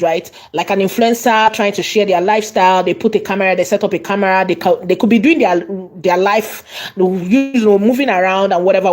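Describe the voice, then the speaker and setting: A woman teaching an online course, repeating and stressing key words and slowing down as she dictates. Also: on the low side, a little mellow. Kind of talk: tutorial lesson.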